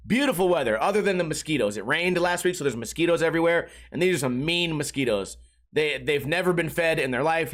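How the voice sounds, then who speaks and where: A man's voice: on the high side, a bit bright. A young man hosting a podcast, telling a story in a casual, profane, exasperated rant. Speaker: podcast host.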